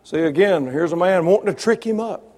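A man preaching a sermon, building to loud emphatic peaks, then dropping low, with wry asides to listeners by name. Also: lively intonation, a little fast. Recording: long reverb of a large hall.

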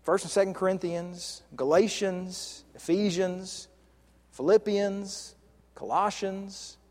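Male preacher, conversational sermon, restarts, stretches key words; high-pitched, reverberant hall sound. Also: fairly even intonation, a little mellow. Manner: conversational, with frequent restarts and slow stressed words.

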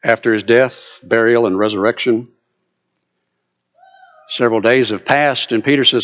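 A man's voice: medium pitch, moderate pace, long pauses, lo-fi sound. A man preaching a sermon, retelling a story with drama and vivid asides.

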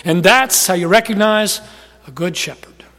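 A man preaching a sermon as a pastor, emphatic, rising loud and dropping to a hush. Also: sits high, normal speed, in a large hall.

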